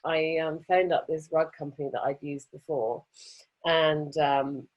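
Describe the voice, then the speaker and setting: A woman with a husky, breathy edge to her voice and a lowish pitch. She tells a story in a lively, self-mocking way as a podcast guest, her delivery animated and expressive. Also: unhurried, highs cut off. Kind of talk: conversational storytelling.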